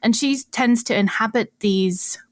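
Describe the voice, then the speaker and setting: A woman's voice: on the high side, measured pace, dry recording, clean studio sound. A woman co-hosting a podcast, explaining archaeology in casual chat and laughing often.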